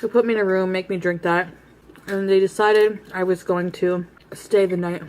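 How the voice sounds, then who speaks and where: A woman's voice: medium pitch, fairly even intonation, normal speed, darkish tone. Blunt woman telling a story while eating. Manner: blunt, rambling, laughs at herself. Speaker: vlogger. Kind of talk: casual storytelling.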